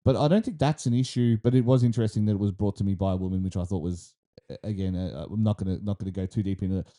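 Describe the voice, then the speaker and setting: A man's voice: sits low, rapid-fire, dark tone. An Australian man co-hosting a gaming news podcast, chatting casually, rambling with restarts and cursing freely. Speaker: podcast co-host. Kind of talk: casual chat.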